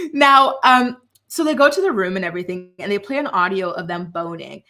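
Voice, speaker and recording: A woman's voice: medium pitch, expressive, normal speed, pushed and bright. Female recap vlogger, blunt and scornful, loose chatty delivery. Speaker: reality TV recap host. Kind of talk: casual commentary.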